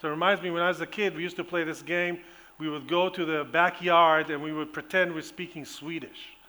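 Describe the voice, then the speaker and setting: An engineering professor gives a conference keynote heard through the hall's microphone, his slightly high voice bright, forceful, steady, and brisk. He explains his subject with enthusiasm, frequently restarting phrases or filling gaps with "uh" and "um."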